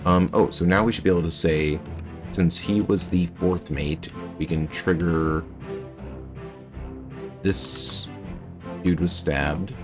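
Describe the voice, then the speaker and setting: This low, gravelly voice belongs to an American man with a General American accent. He thinks out loud while working through clues, commenting live as he streams a game playthrough.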